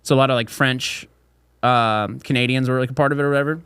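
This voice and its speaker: A man's voice: mid-range voice, steady tone, fast, fairly bright tone, clean tone, no echo, studio quality. A young man hosting a casual podcast, telling crude, rowdy stories and mimicking voices. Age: young adult. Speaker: podcast host.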